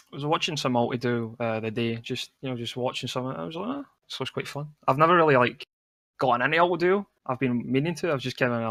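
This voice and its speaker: A man's voice: mid-range voice, fairly bright tone, no echo, studio quality. A man casting a live online game tournament in a loose, rambling way, padding his talk with "you know", on a headset mic. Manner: laid-back, rambling, lots of "you know". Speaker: esports caster. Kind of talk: casual live game commentary.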